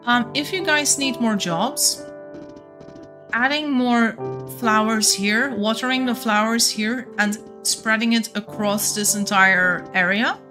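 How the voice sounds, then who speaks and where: A woman's voice: a little high, fairly even intonation, slow pace, over music. A young woman with a light Flemish accent, chatting casually and thinking aloud while playing a game on stream, often restarting her sentences.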